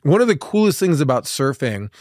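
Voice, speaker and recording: Relaxed rambling man from California. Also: fairly high pitch, fairly quick, no echo, studio quality. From California, USA. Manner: relaxed, rambling, many fillers and restarts. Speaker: podcast host. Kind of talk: casual chat.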